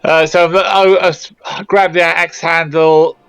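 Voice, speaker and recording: A man playing a tabletop game, chatty and quick to laugh. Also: a little high, level tone, vocal fry, fairly bright tone, smooth. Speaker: player. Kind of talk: casual tabletop play.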